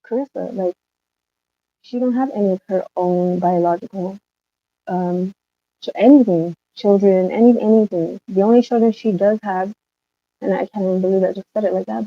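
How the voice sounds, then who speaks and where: A woman pours out an emotional, rambling rant on a livestream, swearing as she goes. Her voice sits at a mid pitch. The phone audio is slightly dull and dry. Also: no echo. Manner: upset, rambling, swears a lot.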